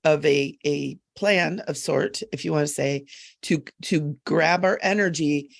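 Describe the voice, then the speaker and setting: Gravelly-voiced woman, earnest and chatty. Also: deep voice, no room sound, studio quality. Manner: earnest and emphatic, chatty with quick asides. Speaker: psychic medium. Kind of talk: live-stream chat.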